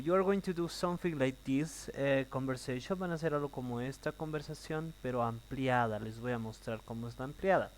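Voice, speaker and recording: A man's voice: mid-range voice, rough recording. Man teaching English. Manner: explains slowly, repeats in Spanish. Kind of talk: classroom explanation, switching to Spanish.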